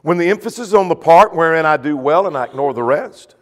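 A man preaching a sermon, emphatic, swinging between loud stressed points and soft drawn-out phrases. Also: fairly high pitch, lively intonation, in a large hall.

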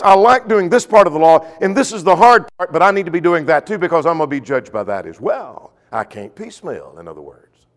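A man preaching a sermon, emphatic, swinging between loud stressed points and soft drawn-out phrases. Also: on the high side, long reverb tail.

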